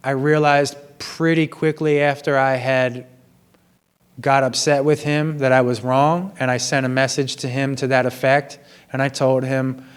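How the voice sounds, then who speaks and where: Earnest guy talking slow about his regrets, middle pitch, gym. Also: flat delivery, clear, resonant tone. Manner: earnest, apologetic, slow and measured. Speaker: vlogger sharing personal confessions. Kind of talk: reflective personal monologue.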